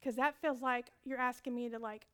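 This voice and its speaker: A woman preaching a sermon, telling a personal story with lively audience prompts and frequent laughter. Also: a little high, normal speed, clear, resonant tone. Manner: laughs often.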